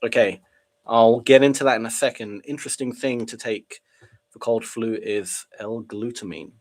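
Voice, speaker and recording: A man's voice: mid-range voice, steady tone, moderate pace. A young man with a cold, casually narrating his live trading and chatting with viewers. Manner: casual, chatty, reads chat aloud and reacts. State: sniffly with a cold. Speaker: day trader streaming live. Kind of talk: live trading stream commentary.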